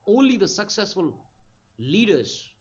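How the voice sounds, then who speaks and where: A man's voice: high voice, sing-song, unhurried, a little mellow, slightly rough. A man in his forties with an Indian accent, giving an emphatic motivational business talk in a webinar and often quizzing his listeners. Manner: emphatic, quizzes audience, stretches key words. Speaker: business coach. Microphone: computer mic on video call. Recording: dull lo-fi webinar audio.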